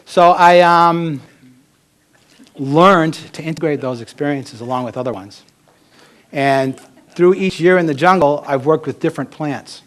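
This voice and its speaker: A man's voice: a little high, measured pace, a bit bright. Candid rambling man telling his story. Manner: rambling, candid, restarts and asides. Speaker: author giving a talk. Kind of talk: personal storytelling talk.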